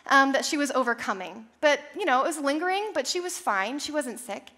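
A young woman preaching a sermon, telling a personal story with animated, self-deprecating humor. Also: sits high, a little fast. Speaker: church speaker.

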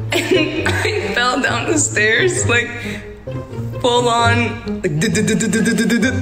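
A woman's voice: on the high side, very animated, drawn-out words, pauses often, reverberant, loud music behind the voice. Giggly young woman on a livestream. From Morocco. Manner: giggly, laughs often, dramatic. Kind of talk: casual livestream chat.

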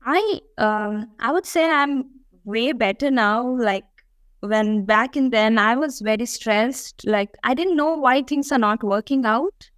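A woman's voice: fairly high pitch, takes it slowly, a bit bright, clean tone, no echo. A woman guest in a conversational interview, speaking earnestly and reflectively, with frequent fillers. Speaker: guest, dental school applicant.

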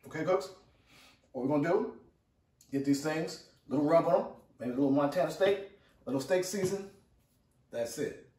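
This man's voice sits fairly high, moving at a normal speed with long pauses and a dark tone. He hosts a casual cooking channel, chatty and hyped, repeating catchphrases to viewers while he cooks, first in a home kitchen and then at a backyard grill outdoors. The camera audio sounds echoey and distant.

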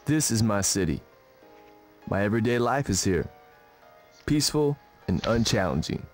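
An actor playing a brooding young man in a dubbed video game, speaking in a slow, solemn monologue. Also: lowish voice, sing-song, soft background music. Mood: earnest brooding.

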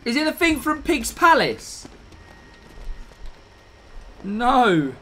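A live streamer, chatting casually, excitable and flustered, laughing often. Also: medium pitch, very slow.

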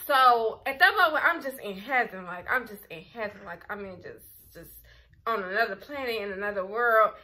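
A young adult woman telling a personal story on her vlog, candid and animated, full of filler words. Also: mid-range voice, moderate pace. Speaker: vlogger. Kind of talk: casual storytime.

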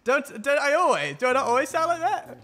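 A man's voice: extremely high pitch, sing-song, a little fast, pushed and bright. A young man from northern England with a Yorkshire accent, chatting casually while gaming live, joking and self-deprecating with lots of restarts. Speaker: streamer.

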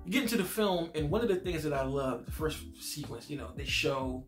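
A man's voice: on the high side, expressive, brisk, soft background music. A man giving a casual, enthusiastic spoken film review, slangy and full of restarts.

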